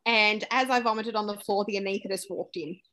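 Talking a little fast at a medium pitch, a young Australian woman on a podcast frankly relives a story from her life. She acts out people's lines and laughs as she goes, keeping the retelling animated.

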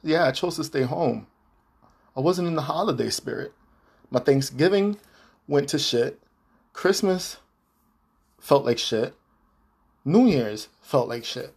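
A man's voice: on the high side, lively intonation, takes it slowly, gravelly, long pauses, a little mellow, husky. A man hosting a podcast, delivering a heated, profane, repetitive monologue addressed to an ex-partner. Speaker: podcast host.

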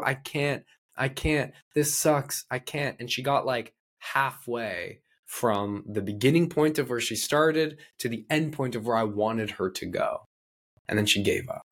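Blunt, animated man telling a coaching story. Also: medium pitch. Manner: blunt and animated, swears freely. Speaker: life coach. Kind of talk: casual storytelling lesson.

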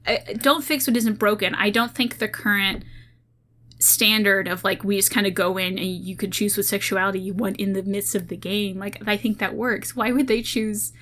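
A woman with a slight Southern twang co-hosts a casual podcast. Her voice is bright and crisp. She rambles, trails off and restarts her sentences. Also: mid-range voice, steady tone, moderate pace. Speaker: podcast co-host. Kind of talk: casual chat.

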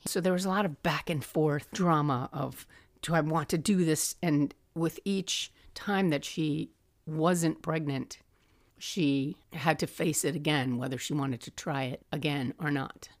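A woman's voice: low voice, unhurried, no echo, studio quality. Chatty middle-aged woman telling family stories. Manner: chatty, laughs often, acts out quotes. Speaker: podcast host. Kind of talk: personal storytelling.

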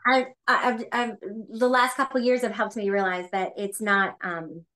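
A woman's voice: on the high side, little pitch movement, normal speed, pushed and bright. A woman hosting a casual interview podcast, rambling through her questions and restarting them as she goes. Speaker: podcast host.

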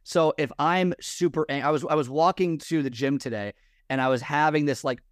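A man's voice: a little high, a little fast, clear, resonant tone, no room sound, studio quality. Rambling man giving casual advice. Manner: rambling, repeats himself, restarts sentences. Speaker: guest, fitness and lifestyle mentor. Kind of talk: conversational podcast advice. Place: room full of personal stuff.

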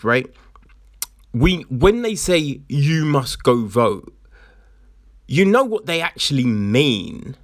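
A man's voice: medium pitch, fairly bright tone, dry recording, studio quality. A man in casual, profane commentary, ranting sarcastically and mocking the people he talks about.

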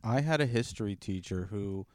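A young man chatting casually on a podcast, telling stories with lots of swearing and getting animated. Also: fairly low pitch, moderate pace, dry recording. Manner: profane, animated storyteller. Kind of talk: casual chat.

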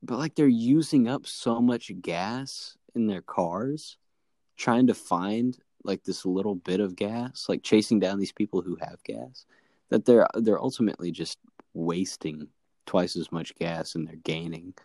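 A man's voice: lowish voice, measured pace, mellow, no echo, clean studio sound. A man co-hosting a casual chat, laid-back and jokey, with plenty of slang.

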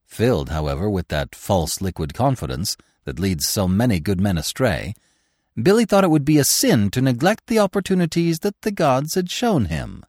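A man narrating a classic tale in expressive, scripted storytelling style. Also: medium pitch, normal speed, dry recording, clean studio sound.

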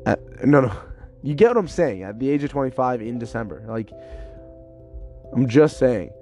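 A man's voice: mid-range voice, animated, moderate pace, warm tone, faint music behind. A man in his twenties, congested from a cold, rambling loosely through a casual solo podcast. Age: 20s. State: stuffed up with a cold. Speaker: podcast host.

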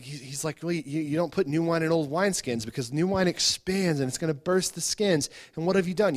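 A pastor gives a conversational sermon to his congregation, his voice a little high for a man. He speaks informally, stumbles over repeated words and keeps asking his listeners questions.

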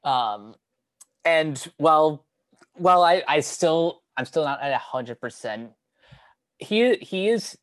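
A young man talking casually on a podcast, halting with many fillers and restarts. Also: fairly high pitch, animated, fairly bright tone, no room sound. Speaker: podcast co-host. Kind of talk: casual chat.

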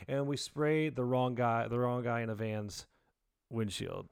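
A man in his forties co-hosting a podcast, telling a story in casual, excitable chat. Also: measured pace, creaky, clean tone, no echo, studio quality. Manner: excitable storyteller, jumps pitch for quoted voices. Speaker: podcast co-host.

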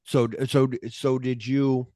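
A man's voice: mid-range voice, level tone, measured pace, warm tone, no room sound, studio quality. A man hosting a casual movie podcast, retelling scenes with lots of profanity and acting out the characters' lines. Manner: profane, uses fillers like "like". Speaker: podcast host.

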